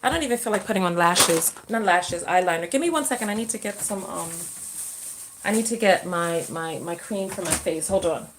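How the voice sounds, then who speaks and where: A woman's voice: on the low side, animated, a little fast, noisy background. Chatty woman hosting a livestream Q&A. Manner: chatty, reads viewer comments and answers on the fly; trails off and restarts mid-sentence. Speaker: self-love and relationship coach. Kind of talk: casual livestream Q&A.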